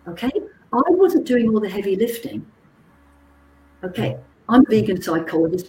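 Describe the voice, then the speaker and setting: A woman psychologist gives a teaching talk, telling lively anecdotes and checking in with her listeners as she goes. Her voice is mellow and warm. It sounds roomy and echoey, with a faint hiss behind it. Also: fairly high pitch, normal speed. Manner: lively, animated storyteller who checks in with "okay?". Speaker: psychologist and communications trainer.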